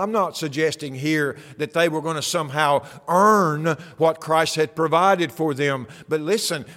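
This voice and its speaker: A man's voice: a little high, a bit bright. Man preaching in a reverberant hall. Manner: conversational preaching with rhetorical questions. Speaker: pastor. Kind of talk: sermon.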